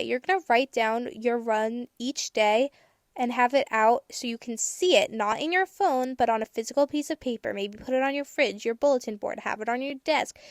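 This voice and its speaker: A woman's voice: sits high, no echo. Chatty teen girl, dry sound. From United States. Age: teens. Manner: candid and chatty, with casual swearing and bursts of excitement. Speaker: podcast host. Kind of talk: casual advice monologue.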